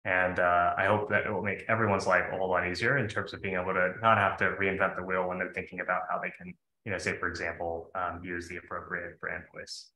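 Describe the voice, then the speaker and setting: A man's voice: low-pitched, little pitch movement, fast talker, pushed and bright. A man hosting a live webinar, talking in a loose, enthusiastic conversational way. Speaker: webinar host. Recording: echoey room.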